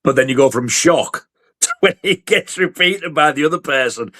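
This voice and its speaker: A man's voice: a little high, lively intonation, moderate pace, sharp tone. A man chatting casually about films, emphatic and swearing freely. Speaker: podcast guest. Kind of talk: casual film chat.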